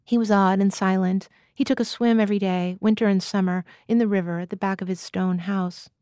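A woman reads literary fiction aloud in an even, measured voice. Her pitch sits in the middle range. The sound is dry and close, with no room around it. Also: clean tone, no room sound. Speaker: guest reader.

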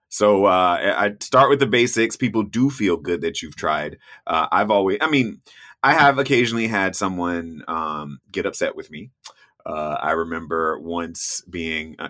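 A man as a podcast guest in casual interview chat, telling animated travel stories and laughing often. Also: low voice. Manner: animated storyteller, laughs often, mimics voices in quotes.

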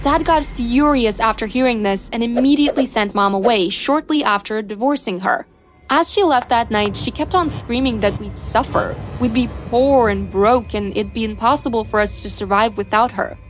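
A woman reading a scripted first-person story with steady storytelling delivery. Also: a little high, normal speed, faint music behind. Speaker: story narrator.

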